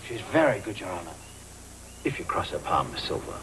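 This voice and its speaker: A man's voice: on the low side, very animated, brisk, a bit bright. An actor playing a man who vouches for a fortune-teller in court, speaking urgently in a distant TV clip with music.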